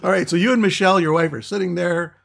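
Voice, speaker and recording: A man's voice: high voice, fairly even intonation, fast, creaky. A man hosting a casual podcast interview, steering the guest along with prompting questions. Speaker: podcast host.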